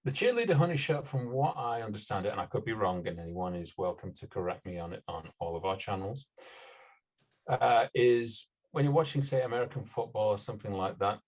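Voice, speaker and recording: A man's voice: on the low side, fairly quick, a little mellow. A man hosting a casual film-review podcast, explaining with hedges and fillers. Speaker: podcast host.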